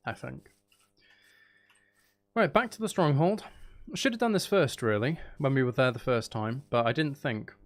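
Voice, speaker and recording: A man's voice: medium pitch, animated, normal speed, pauses often. Playful, rambling male streamer. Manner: playful, self-mocking, jokey; chats to viewers in a loose, rambling way. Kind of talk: casual chat while live-streaming a video game.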